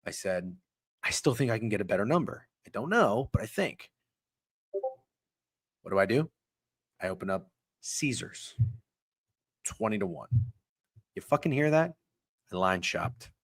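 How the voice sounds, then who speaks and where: A man hosting a live sports betting stream, ranting with heavy swearing and swinging from muttered asides to loud outbursts. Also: medium pitch, very animated, measured pace, gravelly, pauses often, no room sound. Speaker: sports betting show host.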